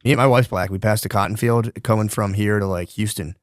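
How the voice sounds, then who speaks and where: A man co-hosting a podcast, bantering in a quick and agreeable way. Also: fairly low pitch, steady tone, no echo, clean studio sound. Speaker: podcast co-host. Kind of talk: casual podcast chat.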